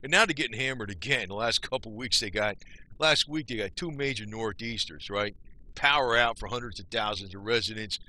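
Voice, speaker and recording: A man's voice: fairly low pitch, fairly quick, pushed and bright. An older man from New Jersey, talking to the camera in a loose, rambling rant full of "you know.". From Northeast New Jersey. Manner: rambling, folksy, swears mildly, asks "you know?" often. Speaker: vlogger.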